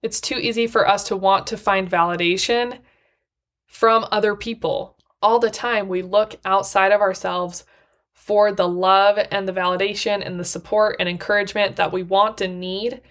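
A woman hosts a solo motivational podcast in an earnest, encouraging voice. She speaks warmly and directly to her listeners at a medium pitch. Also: fairly even intonation, normal speed. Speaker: podcast host.

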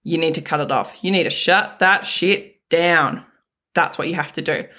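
Pushed and bright, a low female voice delivers a motivational self-help talk at a moderate pace. The host speaks frankly and casually, throws in mild swearing, and repeats key phrases emphatically.

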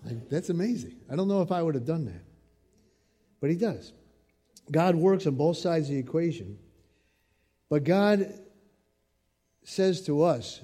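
A man preaching a sermon in an expressive, conversational way. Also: on the high side, measured pace. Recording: long reverb in a large hall.

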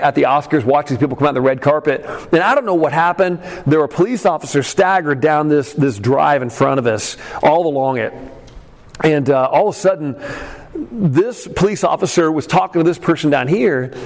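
A man preaching a sermon as a pastor, telling a personal story with many fillers and some shouted peaks. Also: on the high side. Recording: long hall reverb.

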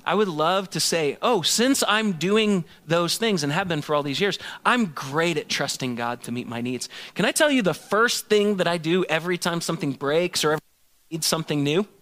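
Bright-voiced animated male pastor. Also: a little high, moderate pace. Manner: animated, self-mocking storyteller acting out dialogue. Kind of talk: sermon storytelling.

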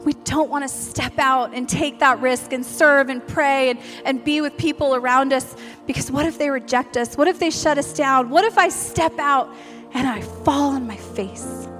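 High-voiced woman preaching earnestly. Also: normal speed, a bit bright, faint music behind. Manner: earnest, emphatic, repeats key phrases; acts out quoted voices in storytelling. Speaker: preacher and realtor. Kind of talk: sermon with personal story.

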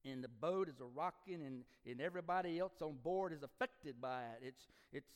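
A man's voice: fairly high pitch, normal speed, few pauses, smooth. A middle-aged man preaching a sermon with passion, his voice swelling and dropping as he repeats phrases. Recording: long hall reverb.

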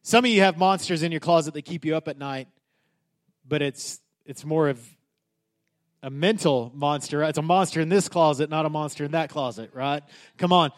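A man's voice: fairly high pitch, normal speed. A man in his thirties, a pastor preaching a sermon in a casual, emphatic way, often restarting his sentences.

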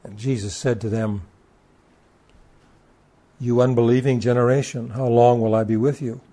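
A man's voice: medium pitch, fairly even intonation, normal speed, warm tone. A man preaching a sermon, reading scripture aloud and explaining it with emphatic stress on key words and occasional stammered restarts.

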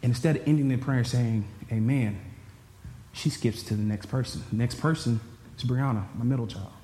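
A man's voice: medium pitch, normal speed, mellow, a little hiss or hum. A man telling an emotional personal story to a church congregation. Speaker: churchgoer giving a personal testimony. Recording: echoey hall with faint ambience.

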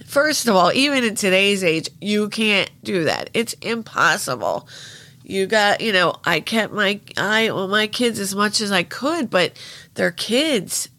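A middle-aged woman retells a true crime case in a chatty way, often breaking off for emotional asides. Her voice is bright with a gravelly edge. The recording is dry and close. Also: fairly low pitch, dry recording.

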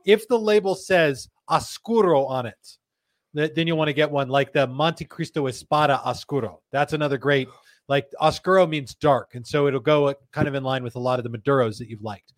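A man with a medium-pitched voice, talking a little fast, hosts a casual live chat show from a company studio. Relaxed and joking, he reads viewer comments aloud, and the recording is dry.

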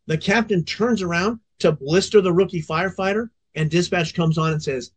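A man's voice: sits high, moderate pace. A man in his forties, a veteran fire officer, telling a story on a podcast in an intense, profanity-laced way.

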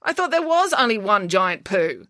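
A woman voicing an excitable schoolboy who speaks eagerly. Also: medium pitch, moderate pace, dry recording, clean studio sound, pitched above the performer's own voice.

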